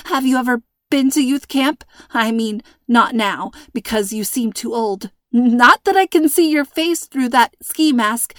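A woman puts on a frightened teenage girl who babbles to fill the silence. Her voice runs high, breathy and squeaky, and it sounds close and dry, as in a storybook reading. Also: moderate pace, no echo, lightly acted. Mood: nervous babbling. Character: panicky teenage girl talking too fast.

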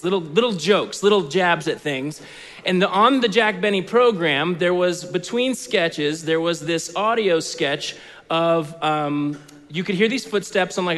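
A middle-aged pastor preaching a sermon in a relaxed, story-telling way, full of fillers and restarts, in a large church hall. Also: male voice, high-pitched. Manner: conversational storytelling with many fillers. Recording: echoey hall reverb.

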